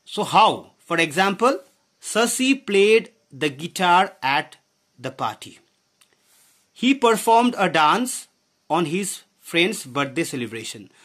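Slow-paced and very animated, a man with a high, husky, fairly bright voice leads a grammar class. He explains by firing questions at students and saying "okay" often, letting his pitch fall at the close of each phrase.

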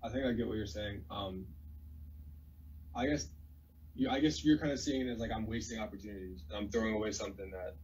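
A young man answers quickly but hesitantly, stumbling over his words. His voice sits at an average pitch, with faint ambient noise behind it. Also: fairly even intonation, poor audio. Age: young adult. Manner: hesitant, halting, soft-spoken answers. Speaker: caller.

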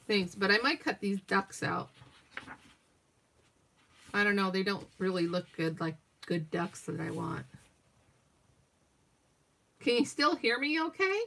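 A woman's voice: medium pitch, a bit bright. An older woman hosting a crafting livestream, chatting in a meandering way while she cuts out pictures and reads a children's story aloud.

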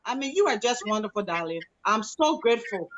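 A woman's voice: mid-range voice, expressive, fairly quick, a bit bright, a little hiss or hum. Effusive woman on a muffled call. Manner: effusive, repeats her thanks. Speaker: new homeowner, guest. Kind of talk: grateful testimonial on a video call.

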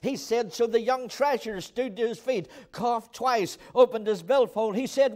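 Brief: fervent male pastor with a high-pitched voice, preaching a storytelling sermon to his church. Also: normal speed, hardly any pauses, darkish tone. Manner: fervent preaching, tells stories and calls on the congregation to respond. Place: church auditorium.

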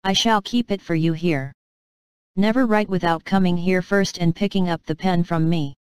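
A woman reading the lines of a loving heavenly father figure in a soft, slow, tender way. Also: fairly low pitch, clear, resonant tone, dry recording, natural voice. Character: tender fatherly God, male, gentle and loving.

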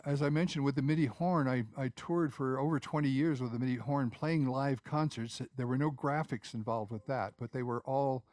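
A man's voice: mid-range voice, darkish tone, dry recording. An older male composer answers questions over a video call. He rambles and restarts his sentences often. The sound is dry, with no room around it. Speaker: guest speaker, composer. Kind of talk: casual presentation and Q&A.

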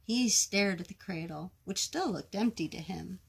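A woman reading a children's picture book aloud in a gentle, expressive storytime manner. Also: mid-range voice, moderate pace, gravelly, husky. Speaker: storytime reader.

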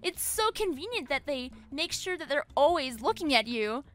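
A young woman streaming a video game, chatting excitably, giggling and shrieking at the screen. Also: high-pitched, normal speed. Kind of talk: gameplay commentary.

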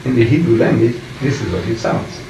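A man leads a heated religious debate, lecturing and pressing his listeners with repeated questions. His voice is medium-pitched and fairly quick, recorded in an echoey room far from the mic with faint noise.

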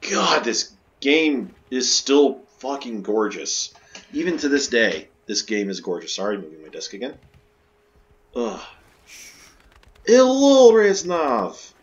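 A man's voice: fairly low pitch, animated, moderate pace, fairly bright tone, highs cut off. Sarcastic swearing gamer man. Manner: joking, sarcastic, swears a lot. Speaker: gameplay commentator. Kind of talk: casual let's-play commentary.

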